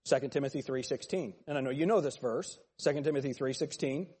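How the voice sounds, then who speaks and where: A man's voice: medium pitch, fast talker, darkish tone, husky. A man teaching a Bible class, talking conversationally, joking and calling on students by name. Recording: long hall reverb.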